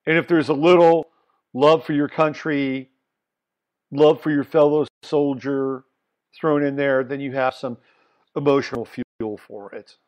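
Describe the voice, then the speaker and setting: A man hosting a solo commentary podcast, talking bluntly and swinging between loud emphasis and muttered asides. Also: mid-range voice, fairly even intonation, measured pace, lo-fi sound. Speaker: podcast host.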